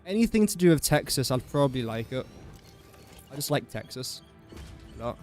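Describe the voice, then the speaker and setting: A man's voice: mid-range voice, big pitch swings, normal speed, a little mellow, soft background music. A young man from England chatting casually on a gaming livestream, rambling and self-mocking as he builds. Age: young adult. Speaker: streamer.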